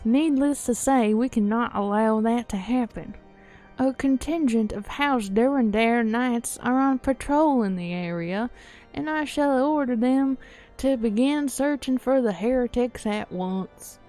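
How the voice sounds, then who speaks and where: A woman's voice: a little high, unhurried, close to an everyday voice. A woman reading as a stern noble knight commander. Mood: grave. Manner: formal, slightly slurred reading of game dialogue. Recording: soft music behind.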